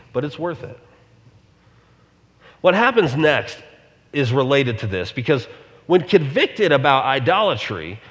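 A man's voice: fairly high pitch, a bit bright, big-room sound. A male pastor preaching a sermon in a conversational way, often asking the congregation rhetorical questions.

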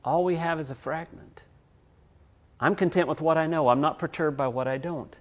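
A man preaching a sermon as pastor. He tells stories, swinging between loud passages and hushed ones. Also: fairly high pitch, moderate pace.

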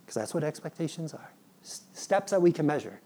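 Lively preaching man, high voice. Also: brisk, breathy edge. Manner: animated, playful, acts out his kids' pleading. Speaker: pastor. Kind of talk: sermon.

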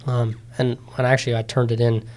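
A nineteen-year-old man in a casual interview, telling his story with many ums and likes and lively quoted voices. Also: medium pitch, fairly quick. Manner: chatty, animated when quoting others, many ums and likes. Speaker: interview guest, competitor.

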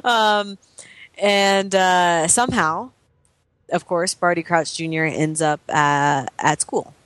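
A woman's voice: lowish voice, fairly even intonation, slow, fairly bright tone, no echo. A young woman co-hosting a casual book discussion, hesitant with many fillers and frequent laughter. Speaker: podcast co-host.

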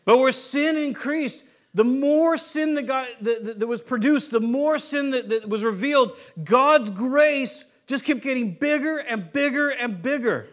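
A male pastor with a notably high voice preaches in a lively, conversational way. He throws in asides and asks his listeners questions. At times he drops to a quiet, earnest tone. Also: unhurried, hardly any pauses. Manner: conversational, animated preaching with asides and acted quotes. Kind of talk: sermon.

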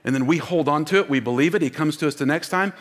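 Guy pastor preaching hard, leads the crowd in repeating lines, highish voice, big echoey church. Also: fast talker. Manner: emphatic, call-and-response with congregation. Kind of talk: sermon. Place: church auditorium. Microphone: wearing a mic. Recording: long hall reverb.

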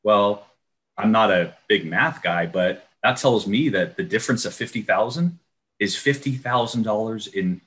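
A man giving a lively webinar talk on renovation loans over a video call, coaching his listeners and acting out client conversations. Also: on the low side, moderate pace. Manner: energetic, coaching, acts out client dialogue. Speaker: renovation loan trainer. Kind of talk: webinar presentation.

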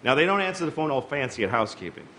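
A man's voice: mid-range voice, big pitch swings, rapid-fire, slight background noise. A man doing stand-up comedy, telling a story animatedly with rising outraged bursts. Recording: live club recording, loud audience. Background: audience laughter.

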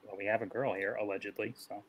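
A man's voice: lowish voice, flat delivery, fast, a little hiss or hum. A man co-hosting a podcast in casual chat, dryly sarcastic and teasing. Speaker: podcast co-host.

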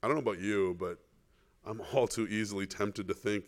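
In a lowish voice that moves a little fast, this male pastor delivers a lively sermon. He asks the congregation rhetorical questions and takes on the roles of the biblical characters.

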